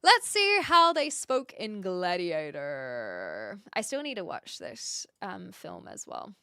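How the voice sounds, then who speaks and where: A woman's voice: fairly low pitch, huge pitch swings, slow, vocal fry, bright, forceful tone. A woman hosting a livestream, chatting casually with viewers in a rambling way, full of fillers and little laughs. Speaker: livestream host.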